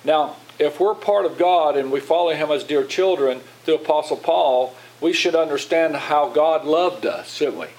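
A man's voice: on the high side, normal speed, few pauses, a little mellow, poor audio. Man teaching Bible with questions. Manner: informal, asks congregation questions, repeats words. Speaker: pastor.

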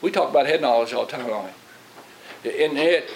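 A man's voice: mid-range voice, a little fast, creaky, poor audio. A middle-aged man, a pastor preaching in a folksy, rambling way and asking his congregation questions. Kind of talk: sermon. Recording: faint hiss.

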